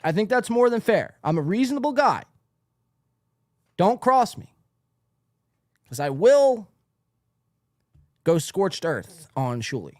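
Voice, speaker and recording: Man, podcast host, profane mock-outrage rant, fairly high voice, dry close sound. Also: very animated, takes it slowly, long pauses, darkish tone, dry recording. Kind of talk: ranting podcast monologue.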